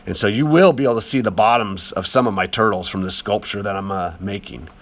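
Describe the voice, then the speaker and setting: A man's voice: lowish voice, quick pace. A man talking casually over a demonstration as an art teacher, chatty and encouraging, with lots of fillers.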